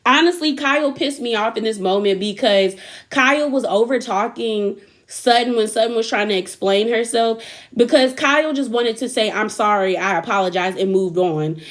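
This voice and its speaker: A woman's voice: a little high, normal speed. A woman, chattily recapping a reality show and acting out the cast's lines. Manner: chatty, animated, acts out quotes with laughs. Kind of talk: casual recap commentary.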